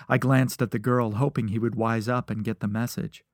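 A man's voice: lowish voice, fairly even intonation, moderate pace, few pauses, dry recording. A man reading a first-person story aloud, with a dry, wry narrating manner.

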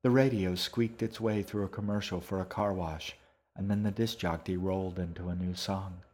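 A man narrating an audiobook in an even, unhurried storytelling manner. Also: sits low. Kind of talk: scripted narration.

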